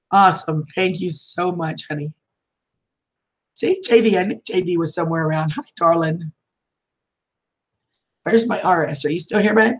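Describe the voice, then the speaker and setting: Husky woman in her fifties. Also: lowish voice, measured pace, pauses often, poor audio. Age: 50s. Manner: warm and affectionate with viewers, laughs often, calls them honey and sweetheart. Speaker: livestream vlogger. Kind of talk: casual livestream chat reading viewer comments.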